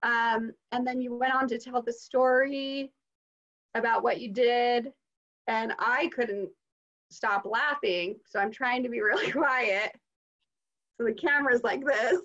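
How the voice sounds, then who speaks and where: A woman with a high voice co-hosts a casual podcast. She teases and jokes in a dry, wry way and laughs easily. The sound is a bit muffled and dull. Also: fairly bright tone. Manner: wry, teasing, quick to laugh. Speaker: podcast co-host. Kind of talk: casual chat.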